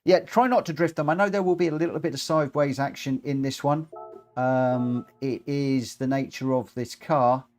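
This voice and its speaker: A man's voice: medium pitch, steady tone, normal speed, a little mellow. A man hosting a live racing game stream, chatting casually and self-mockingly as he reads out chat. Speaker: livestream host running online racing lobbies.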